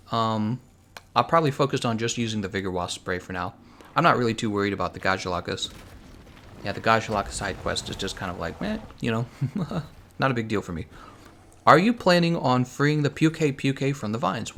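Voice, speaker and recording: Man, mid-pitched, casual game streamer, thinks aloud, rambles, answers chat. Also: lively intonation, moderate pace, creaky, fairly bright tone. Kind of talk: casual live-stream chat while gaming.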